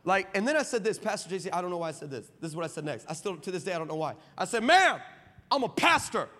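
High, bright-voiced preacher man in a hall. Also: very fast. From El Paso, Texas. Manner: animated, acts out dialogue, builds to emphatic preaching. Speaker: pastor. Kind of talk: sermon with storytelling. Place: large hall with audience. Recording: reverberant hall.

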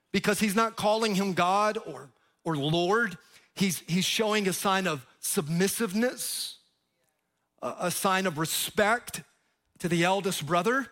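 A male pastor preaching a sermon, emphatic, with sudden loud rises and drops, joking with the crowd. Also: sits high. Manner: jokes with the crowd.

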